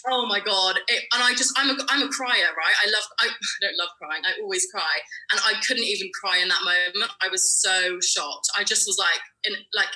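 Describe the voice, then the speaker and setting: A woman's voice: mid-range voice, fairly quick, hardly any pauses, pushed and bright, poor audio. A young woman in her twenties, chatting casually as a guest and telling a personal story with lots of fillers. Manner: chatty storytelling, fillers, acts out quoted voices.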